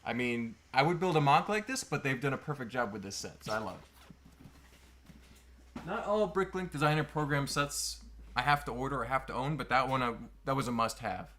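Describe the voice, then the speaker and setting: Indoors among sorting bins, a livestream host chats casually with viewers, greeting each by name and peppering his talk with fillers. His mid-range voice is a bit bright, fairly quick, and lively in intonation.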